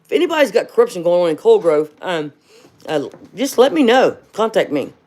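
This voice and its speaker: A woman's voice: lowish voice, very animated, brisk, a little mellow. Woman, middle-aged, livestream host, casual, rambling, calls viewers honey, fired-up rhetorical questions.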